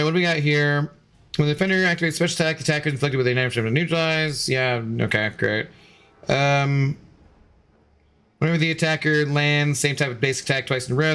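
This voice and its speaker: A man with a fairly high, bright, clean voice streams a video game. His live commentary is casual and rambling as he greets viewers and reads their chat aloud.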